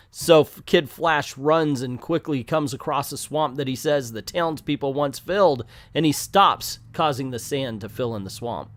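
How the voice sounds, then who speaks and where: A man's voice: mid-range voice, normal speed, few pauses, a bit bright, dry recording, clean studio sound. A man reading an old comic aloud, breaking off for wry, sarcastic commentary. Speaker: comic reader and reviewer.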